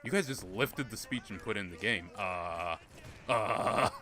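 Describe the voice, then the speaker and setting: A man's voice: fairly low pitch, a little slow. A young man streaming a game, chatting casually, joking and laughing often. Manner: joking, laughs often, talks over others. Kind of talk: casual gaming chat.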